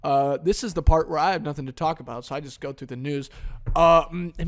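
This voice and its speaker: A man's voice: medium pitch, fairly even intonation, quick pace. A man hosting a casual solo podcast, ranting crudely and dismissively with constant swearing, leaning over a desk microphone. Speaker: podcast host. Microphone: desk microphone he leans over.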